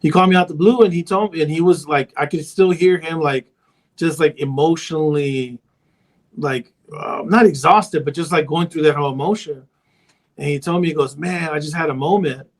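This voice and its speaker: Brief: male therapist guest, slightly high voice, loose chatty storyteller, fillers everywhere. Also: normal speed. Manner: rambling storyteller, heavy on filler phrases. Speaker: therapist and parent coach. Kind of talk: casual podcast conversation.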